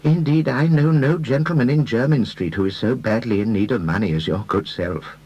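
A man voicing a gentle, precise middle-aged detective in an audiobook, with a husky tone and deliberate phrasing. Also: medium pitch, muffled recording, voice pushed up, lightly acted. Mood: gently stern. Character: mild middle-aged male detective, careful, polite. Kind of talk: audiobook character voice.

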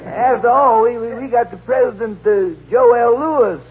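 A man's voice: very high voice, normal speed, slight background noise, pitched above the performer's own voice. A man doing a blunt defiant porter. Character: stubborn male trunk porter, working man. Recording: dull old radio recording.

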